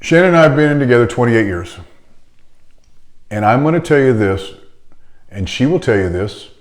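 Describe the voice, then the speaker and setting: A middle-aged man delivers a motivational talk in a blunt, emphatic way. His voice sits at an ordinary middle pitch, and he talks straight at the listener with a preachy edge. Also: animated, moderate pace. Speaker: chiropractor and practice coach.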